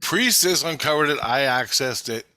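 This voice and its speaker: A man's voice: medium pitch, animated, normal speed, sharp tone, no echo. A man telling a rambling spiritual story to camera, swearing heavily and agitated. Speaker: vlogger. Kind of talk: rambling monologue.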